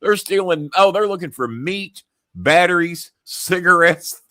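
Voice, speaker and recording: An older man with a bright, forceful voice tells long, rambling stories full of swearing. He laughs into his own sentences and circles back often. The sound is dry and close. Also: sits high, animated, measured pace, dry recording. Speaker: show host. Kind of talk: profane comic storytelling.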